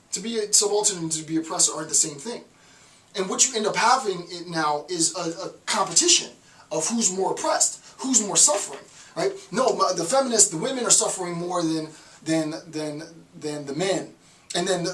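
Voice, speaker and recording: A man with a fairly high voice lectures off the cuff, often tagging his points with "right?" and restarting sentences. He is heard from some distance in a roomy, echoing space, with a faint hiss underneath. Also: fairly quick, a bit bright. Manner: rambling, frequent "right?" tag questions, restarts. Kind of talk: informal recorded lecture.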